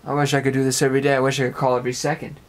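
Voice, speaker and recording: A man's voice: mid-range voice, little pitch movement, very fast. A young man talking at length in an earnest, rambling personal monologue, repeating phrases as he goes, recorded in an apartment. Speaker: amateur web radio speaker.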